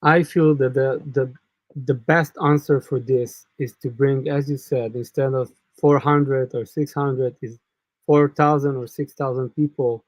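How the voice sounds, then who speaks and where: A man joins a live stream as a guest. He talks in halting English, searching for words. His voice is mid-pitched and dry. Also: fairly even intonation, no room sound. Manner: halting non-native English, many fillers and restarts. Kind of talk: casual live-stream discussion.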